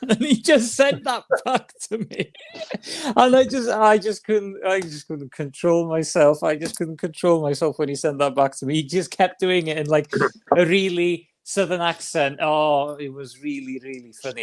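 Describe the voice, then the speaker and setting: A man co-hosting a casual online chat, telling lively stories and laughing easily over a video call. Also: medium pitch. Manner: animated storyteller, laughs easily.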